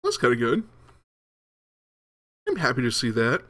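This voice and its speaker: A man's voice: medium pitch, wildly swooping pitch, unhurried, a bit bright. A young man casually commenting as he plays a game, rambling with many ums and restarts. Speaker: gaming video host. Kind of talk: casual let's-play commentary.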